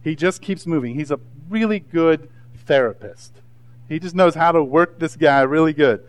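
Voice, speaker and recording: A man in his thirties preaching a sermon, animated and conversational, acting out asides in different voices. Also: on the high side, normal speed. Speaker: pastor.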